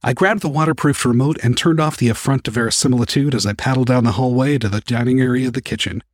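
A man narrating a first-person story as an audiobook reader, calm and even. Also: mid-range voice, fast talker, dry recording, clean studio sound.

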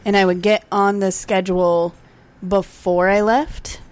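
A woman co-hosting a podcast, chatting casually with dry, deadpan quips. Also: mid-range voice, measured pace. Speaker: podcast co-host. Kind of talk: casual chat.

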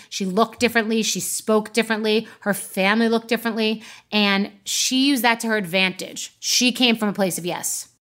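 A woman's voice: mid-range voice, a bit bright. A woman hosting a podcast, telling a brash, profane story before she interviews a guest. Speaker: podcast host.

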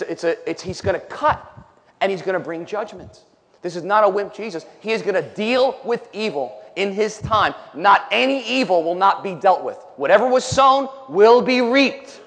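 A man's voice: high-pitched, a bit bright. A male preacher delivering an emphatic sermon, reading scripture aloud and commenting between the verses. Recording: long hall reverb.

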